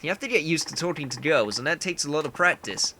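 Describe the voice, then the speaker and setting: A man's voice: a little high, lively intonation, fast talker, bright, forceful tone, slight background noise. A man voicing a brash, streetwise middle-aged man in a video game, talking bluntly and teasing. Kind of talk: reading game dialogue aloud.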